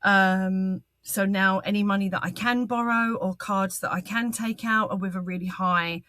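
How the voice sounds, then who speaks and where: A woman, telling her own story as an interview guest in a halting, earnest way, with frequent ums and restarts. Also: medium pitch, fairly even intonation, a bit bright, no room sound. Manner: earnest and candid. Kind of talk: personal testimony in an interview.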